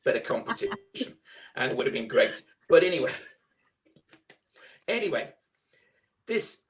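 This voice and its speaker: A middle-aged man with a Liverpool accent telling his fostering story in a loud, chatty, animated way. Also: a little high, measured pace, heavy background noise. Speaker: foster carer guest. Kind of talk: casual storytelling.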